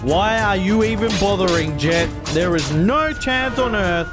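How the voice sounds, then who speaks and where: A man's voice: sits high, expressive, a little slow, over music. A man with an Australian accent giving casual reaction commentary, chatty and repeating himself as he talks back to the screen. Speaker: reaction video host. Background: show soundtrack playing.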